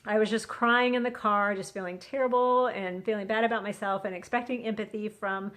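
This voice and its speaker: Speaking briskly in a steady, mid-range voice with a fairly bright tone, a middle-aged woman vlogs a devotional into a selfie-stick phone. She's chatty and earnest, offering casual Christian encouragement and acting out the quotes she shares.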